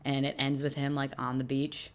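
A young woman co-hosting a podcast in casual chat, animated and swearing as she retells scenes. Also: rumbling low, moderate pace. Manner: animated, swearing, acts out movie characters. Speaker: podcast co-host.

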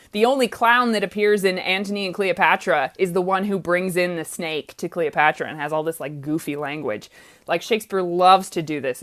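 A woman's voice: fairly low pitch, fairly bright tone. A woman director talking casually about a play, chatty and hesitant, with frequent laughs and fillers. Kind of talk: casual discussion.

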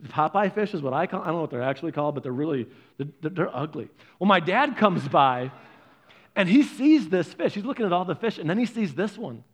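A man's voice: on the high side, a little fast. A man preaching a sermon, telling family stories and acting out the voices of people in them. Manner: animated storytelling, acts out family members' voices. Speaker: pastor.

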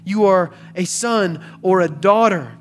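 A man preaching a sermon, swinging between hushed and emphatic delivery. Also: high-pitched, a little slow, faint music behind. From American South. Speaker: pastor.

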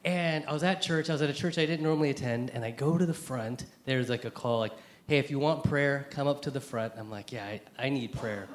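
A young man giving a personal testimony to a church group, halting, with many fillers and restarts. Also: mid-range voice, a little hiss or hum. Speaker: church speaker sharing testimony. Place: Seattle area.

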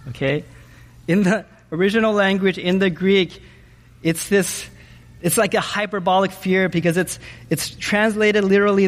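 High-voiced man preaching in a big hall. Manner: animated, asks the audience questions, says "okay?" often. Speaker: pastor. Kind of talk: sermon.

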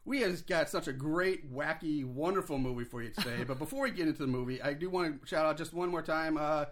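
Male podcast host, slightly high-pitched, chatty and upbeat, rambles through plugs and credits. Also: fast, a bit bright, a little hiss or hum. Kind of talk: casual podcast chat.

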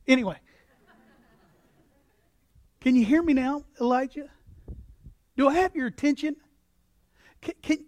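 A man preaching a sermon as pastor, animated, acting out voices and repeating words as he builds his points. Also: very high voice, no room sound, studio quality.

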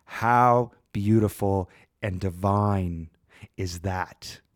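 Earnest low-voiced man hosting a podcast. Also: extremely slow. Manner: earnest, repeats phrases for emphasis. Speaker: podcast host. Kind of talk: reflective solo podcast monologue.

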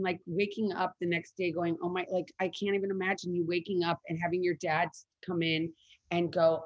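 A woman hosting a casual conversation, animated and swearing freely. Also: medium pitch, husky, muffled recording.

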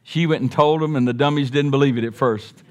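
A man's voice: medium pitch, steady tone, fairly quick. A man preaching a sermon in an emphatic, folksy way with joking asides.

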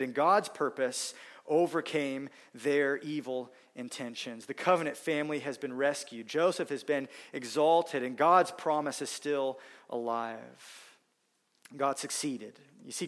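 A middle-aged pastor delivers a sermon in an earnest, steady way. His voice sits a little above the usual male pitch. He leans into key phrases with strong emphasis before settling back.

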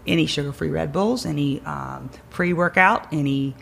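A woman with a low, fairly bright voice and some vocal fry speaks at a normal pace over slight background noise. She's a chiropractor from the Greenville County area of South Carolina, appearing as a podcast guest and giving energetic, emphatic advice, repeating key words to hammer her points home.

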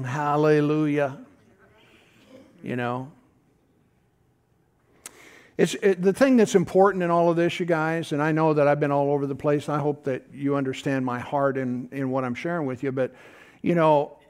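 A middle-aged man preaching a sermon in a folksy, animated way, tossing out asides to the congregation. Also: on the high side, smooth. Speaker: pastor.

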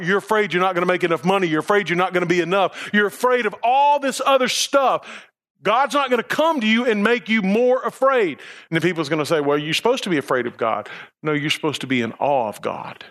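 A man's voice: high-pitched, lively intonation, brisk, fairly bright tone. A man preaching a sermon as pastor, emphatic, with repeated phrases and rhetorical questions.

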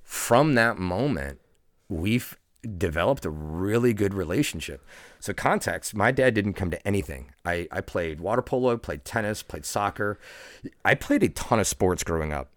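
Deep low-voiced guy in his 40s, earnest and reflective, talking it through on a podcast, dry close sound. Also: expressive, moderate pace, no echo. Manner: earnest, reflective, frequent restarts and "like". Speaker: podcast guest. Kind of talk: personal storytelling in a casual conversation.

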